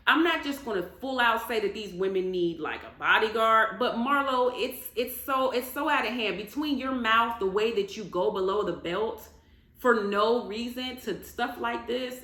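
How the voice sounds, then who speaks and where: A woman rants through casual reality-TV commentary, animated and indignant. Her voice sits a bit high and sounds bright and forceful. The room around her gives a noticeable echo. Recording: echoey room.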